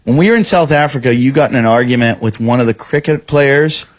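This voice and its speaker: Man, podcast co-host, brief prompts, mid-pitched, casual chat. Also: fairly quick, lo-fi sound.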